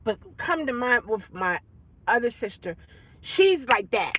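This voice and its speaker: Woman vlogger, rambling storyteller, lively swings in pitch, tinny phone sound. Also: a little slow, background noise. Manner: animated, rambling storyteller with many repeats. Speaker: rideshare driver vlogger. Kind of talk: casual monologue.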